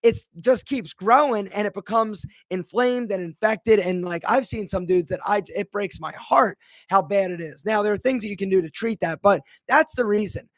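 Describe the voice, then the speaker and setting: A man's voice: high-pitched, moderate pace, hardly any pauses, no room sound, studio quality. A man, a brand founder, answering viewer questions in a casual live Q&A, chatty and full of fillers. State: a bit out of breath.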